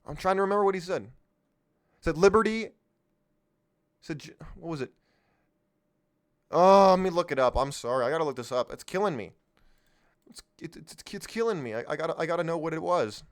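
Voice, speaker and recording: A man's voice: on the high side, animated, fairly quick, pauses often. A man hosting a political show, talking off the cuff in an emphatic way, firing rhetorical questions at listeners and sometimes losing his train of thought. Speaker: political podcast host. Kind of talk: unscripted political monologue.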